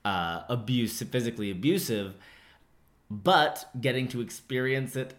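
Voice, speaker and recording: A man's voice: medium pitch, expressive, measured pace, a bit bright. A man co-hosting a podcast in casual chat, laying out his take on a TV series with dry quips along the way. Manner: thoughtful, lays out a theory, dry quips. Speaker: podcast co-host. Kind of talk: casual chat, TV episode discussion.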